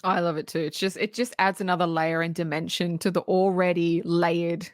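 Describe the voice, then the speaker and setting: A woman co-hosting a podcast, recapping a film's plot in steady, casual storytelling. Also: on the low side, normal speed, no echo, studio quality. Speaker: podcast co-host.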